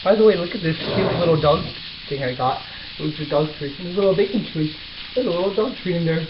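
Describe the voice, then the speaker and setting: Talking fast in a voice on the high side, a young cooking vlogger chats casually in his apartment kitchen, swearing, yelping and teasing himself. The built-in camera mic captures a roomy, dull lo-fi sound over a noisy background.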